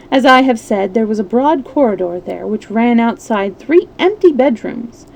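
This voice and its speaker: Gravelly-voiced woman reading a story. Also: a little high, moderate pace, hardly any pauses, a little hiss or hum, rough recording. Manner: expressive with small slips and restarts. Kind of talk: reading a classic story aloud.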